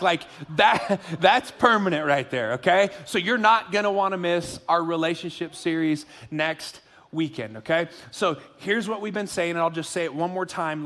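A middle-aged man preaching a sermon in a church, joking and animated at first, then earnest. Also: on the high side. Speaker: pastor. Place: church auditorium.

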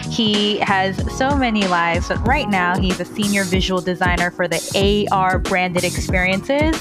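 A woman's voice: medium pitch, a little slow, loud music behind the voice. A woman co-hosting a podcast in a casual, bubbly way and laughing often. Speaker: podcast co-host.

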